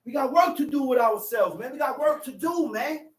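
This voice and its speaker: High-voiced impassioned man preaching, echoey. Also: animated, normal speed. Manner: impassioned, shouting and near tears at times. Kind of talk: sermon. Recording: echoey room from far off.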